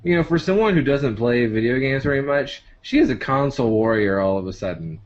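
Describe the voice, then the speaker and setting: A man's voice: mid-range voice, expressive, brisk. A man co-hosting a casual gaming podcast, joking and laughing between his lines. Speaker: podcast co-host. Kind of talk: casual chat. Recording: dull lo-fi recording.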